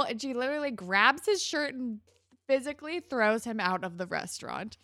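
A woman with a gravelly edge to her medium-pitched, slightly bright voice chats casually as a podcast co-host at a moderate pace. In this casual recap, she retells a TV episode scene by scene, acting out the characters' lines. The recording is dry and close.

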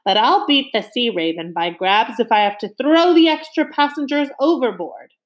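Woman doing a growling, blustering storybook sea captain, loud and high-pitched. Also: lively intonation, normal speed, natural voice. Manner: roaring, growling. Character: gruff bellowing male sea captain, hot-tempered.

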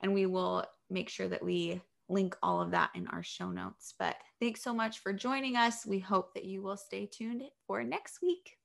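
A woman's voice: medium pitch, steady tone, moderate pace, gravelly, hardly any pauses. A woman co-hosting a podcast, telling family stories in a chatty way with lots of fillers. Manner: chatty storytelling with frequent fillers. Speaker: podcast co-host. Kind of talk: casual chat.

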